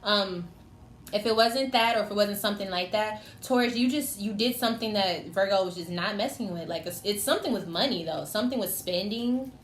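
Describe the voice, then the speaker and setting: A chatty woman reads tarot cards in a casual, teasing way and talks straight to the signs she reads for. Her voice sits in a middle range and carries a clear room echo with a faint hiss behind it. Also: mid-range voice, brisk. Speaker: tarot reader. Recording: echoey room with faint noise.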